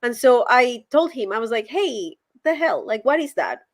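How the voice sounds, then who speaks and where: A former pastor from Colombia, speaking with a Colombian Spanish accent, chats casually and acts out quoted dialogue while telling stories. Her voice is on the high side and animated, at a normal speed.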